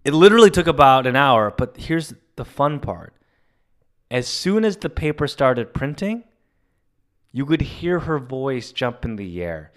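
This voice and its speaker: A man hosting a solo comedy podcast, telling stories in a rambling, profane way with sudden loud bursts. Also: mid-range voice, sing-song, unhurried. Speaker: podcast host. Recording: audio-only podcast mic.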